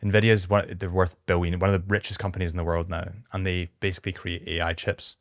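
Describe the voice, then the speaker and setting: A man hosting a podcast, chatting in a relaxed way and retelling anecdotes. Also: sits low, fast talker, no room sound, clean studio sound. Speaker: podcast host. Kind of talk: podcast interview.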